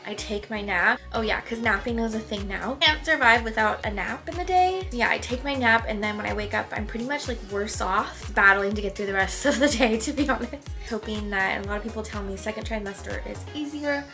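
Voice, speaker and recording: A woman's voice: fairly high pitch, a little fast, few pauses, bright, forceful tone, faint music behind. A young woman vlogging casually to camera, chatty and rambling, a little out of breath. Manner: chatty, rambling, frequent laughs.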